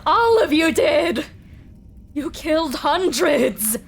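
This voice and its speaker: A woman voicing a bitter, vengeful male creature in a tabletop game, shouting and crying through the accusations. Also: sits high, big pitch swings, slow pace, creaky, slight background noise, voice pushed up, exaggerated voice. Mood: tearful rage.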